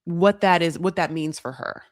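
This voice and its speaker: A woman's voice: lowish voice, normal speed, no room sound. Chatty woman podcaster, dry close sound. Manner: chatty, lots of fillers, quotes people in put-on voices. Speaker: podcast co-host. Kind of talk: casual reality TV recap chat.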